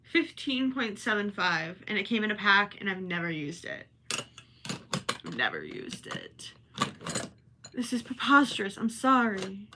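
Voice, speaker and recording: A woman's voice: medium pitch, moderate pace, hardly any pauses, pushed and bright, slight background noise. A woman with a Minnesotan accent hosting a casual livestream from home, chatting with viewers, reading their comments and often apologizing with a self-deprecating tone. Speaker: livestream host. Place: home, indoors.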